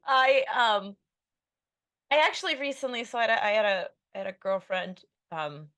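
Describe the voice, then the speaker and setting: Appearing as a podcast guest, a female author in her thirties has a fairly bright voice on the high side, expressive and moderately paced. She rambles openly, pokes fun at herself, and uses plenty of fillers.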